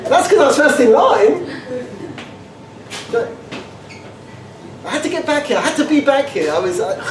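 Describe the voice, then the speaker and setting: A man giving an informal talk to students, animated and full of humorous anecdotes, often repeating words as he restarts and laughing as he goes. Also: very high-pitched, normal speed. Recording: echoey room, distant mic, background noise.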